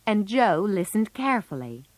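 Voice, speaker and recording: A woman narrating a story for English learners, slowly and with clear enunciation. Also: medium pitch, very animated, dry recording.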